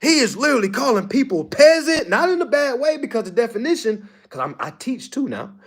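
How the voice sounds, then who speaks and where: Blunt, animated man with a lively voice. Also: very high voice, a little fast. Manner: blunt, profane, animated, repeats "all right?". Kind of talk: casual motivational monologue.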